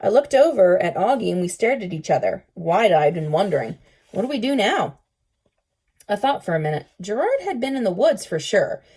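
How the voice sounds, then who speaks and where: Teacher read-aloud, woman, warm dark tone, calm and expressive. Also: medium pitch, a little fast, hardly any pauses, slightly rough. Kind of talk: reading a children's novel aloud.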